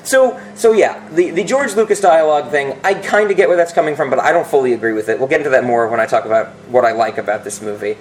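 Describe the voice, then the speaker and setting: A man co-hosting a casual podcast chat at home, animated and quick to laugh. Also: medium pitch, slight background noise. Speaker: podcast co-host. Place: room at home. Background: lawnmower outside.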